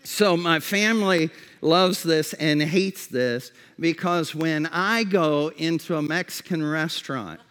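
A man preaching a sermon in a conversational way, often restarting his sentences and softening for reflective questions. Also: a little high, smooth. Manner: conversational preaching with repeated false starts; drops to a soft, slow voice for reflective questions. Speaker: pastor. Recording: long hall reverb.

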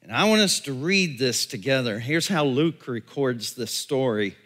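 A male pastor delivering a sermon, animated storytelling that drops to hushed tones. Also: medium pitch, normal speed.

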